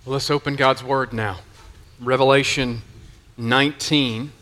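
A man's voice: medium pitch, steady tone, a little slow, pushed and bright. A man, a pastor preaching a sermon in a church in an earnest, conversational way. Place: church sanctuary.

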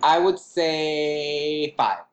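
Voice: mid-range voice, steady tone, extremely slow. A musician guest giving casual interview answers, campy and playful, calling people honey and girl.

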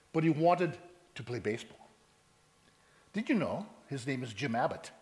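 A man preaching a sermon, telling stories and acting out both sides of conversations with lively energy. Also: mid-range voice, normal speed, pauses often.

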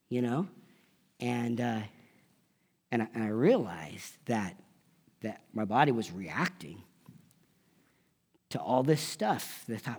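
A middle-aged man preaching a sermon as a pastor, telling a personal story with sudden loud emphatic peaks and drops into a whisper. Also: medium pitch, husky.

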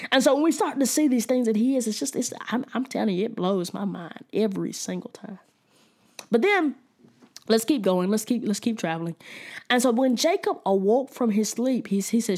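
An excited woman preaching a fervent Bible teaching, talking colloquially with frequent restarts. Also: mid-range voice. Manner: enthusiastic, fervent, laughing often. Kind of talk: sermon.

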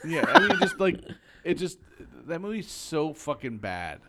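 A man's voice: on the high side, huge pitch swings, unhurried, bright, forceful tone. A man co-hosting a casual podcast chat, blunt and rambling, swearing freely and restarting his sentences. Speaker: podcast co-host.

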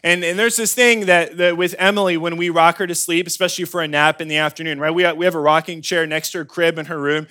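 A man's voice: fairly high pitch, quick pace, few pauses. A man preaching a sermon as a pastor, telling stories in a conversational way and often checking in with "right?". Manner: conversational, animated storytelling, frequent "right?" asides.

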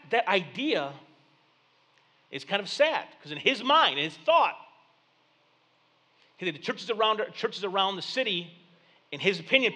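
A male pastor preaches in a church basement, spinning a story in a relaxed, conversational way. His voice sits high and sounds bright and ringing. He comes across as a man in his thirties talking to his congregation. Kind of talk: sermon.

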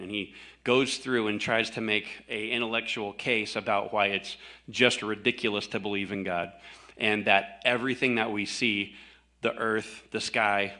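Brief: male pastor, bright forceful tone, conversational emphatic sermon delivery. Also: lowish voice.

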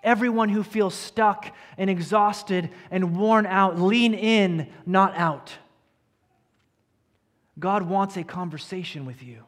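A man preaching a sermon as pastor to his congregation, earnest and emphatic, sometimes sinking to a hushed tone. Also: sits high, slow pace. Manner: earnest preacher, dropping to a hush at key lines. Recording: church hall with long reverb.

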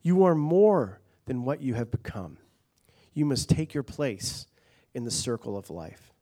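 A man voicing a wise, commanding lion king father spirit in a deep solemn voice. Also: very animated, measured pace, dark tone.

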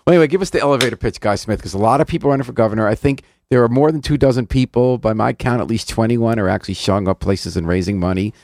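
A man hosting a radio interview show, asking questions in a brisk, chatty way from a studio. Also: medium pitch, darkish tone, slight background noise.

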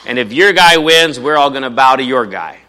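A man's voice: mid-range voice, expressive, a little fast, pushed and bright, pitched above the performer's own voice, rough recording. A man preaching a sermon voices a boastful giant male warrior who taunts an army in brash, slangy words. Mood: taunting.

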